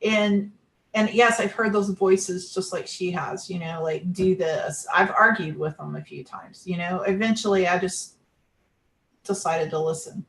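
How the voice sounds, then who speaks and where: A woman's voice: fairly low pitch, unhurried, fairly bright tone, echoey room. A woman talking casually about spiritual experiences, rambling with many fillers and restarts.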